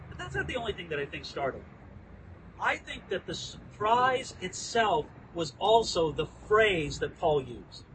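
A man teaching the Bible outdoors as a pastor, lively and acting out quoted lines. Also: high voice, unhurried, distant mic, background noise. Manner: animated, acts out quoted lines. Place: outdoors within view of a landmark hill.

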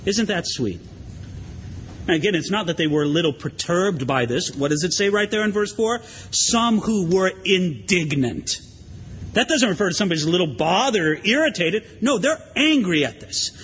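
A man with a high voice delivers a sermon in a church, his words trailing into a long hall reverb. He preaches conversationally and animatedly, as a pastor talking straight to his congregation. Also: animated, a little fast, a bit bright, a little hiss or hum.

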